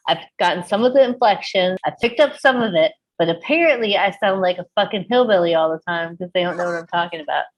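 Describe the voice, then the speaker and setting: A woman from the Bay Area co-hosting a podcast in casual chat, swearing freely as she tells animated stories. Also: on the low side, quick pace, few pauses, rough recording. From San Francisco Bay Area. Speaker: podcast co-host.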